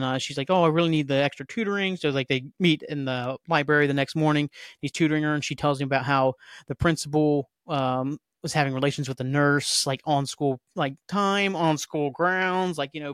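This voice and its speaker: Man, podcast host, casual rambling recap, lots of fillers, slightly high pitch, dry mic. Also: a bit bright, clear, resonant tone, no echo.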